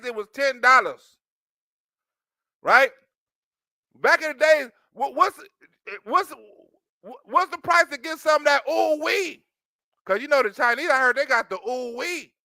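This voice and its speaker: A man hosting a live stream, reacting loudly to a clip with jokes, laughter and repetition. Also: very high voice, normal speed, no echo. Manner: loud, joking, laughs often, repeats himself. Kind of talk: casual stream commentary.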